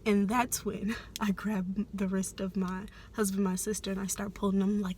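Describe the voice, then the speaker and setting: Young woman, hushed hesitant storytelling, lots of fillers, monotone delivery. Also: mid-range voice, moderate pace, a little hiss or hum. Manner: soft-spoken, hesitant, many fillers. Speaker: vlogger. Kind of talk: personal storytelling.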